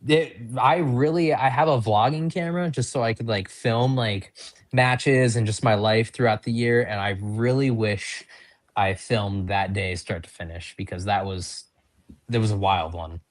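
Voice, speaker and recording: A man's voice: fairly low pitch, fairly even intonation, unhurried. A man from North Dakota, a pro wrestler and podcast guest, telling casual stories in a chatty, rambling, self-deprecating way. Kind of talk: casual storytelling in an interview.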